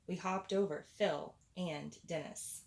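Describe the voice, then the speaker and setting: A woman reading a children's picture book aloud in a playful, expressive storytelling voice. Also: lowish voice, slow pace, creaky.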